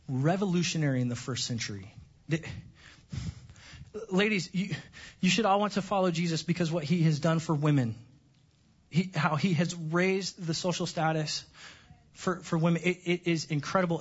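A man preaching a sermon as pastor, animated, joking and sarcastic with his congregation. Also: high voice, husky, dull audio.

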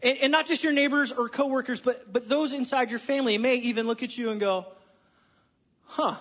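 Pastor, male, high voice, lively sermon with dry sarcasm, church hall reverb. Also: a little fast, dull audio. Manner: animated preaching, wry sarcastic asides, drops to near-whisper for emphasis. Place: church sanctuary.

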